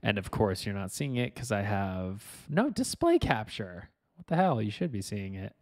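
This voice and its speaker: A man's voice: on the low side, sing-song, normal speed, a little mellow. A man chatting casually to viewers on a live stream as he fixes his game setup, frustrated and self-mocking, muttering to himself.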